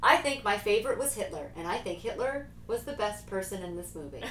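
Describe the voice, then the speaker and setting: A woman chatting casually about movies, animated and laughing often. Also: mid-range voice, brisk. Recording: echoey room with faint noise.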